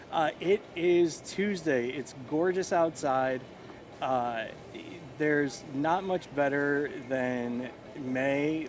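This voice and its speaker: A man's voice: mid-range voice, slight background noise. A man hosting a local morning show, chatty and jokey, with rambling restarts. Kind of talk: casual chat.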